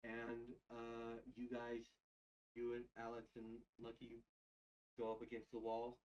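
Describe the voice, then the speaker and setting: A man narrating as game master of a tabletop game, halting with many fillers. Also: mid-range voice, monotone, a little mellow, distant mic, dull audio.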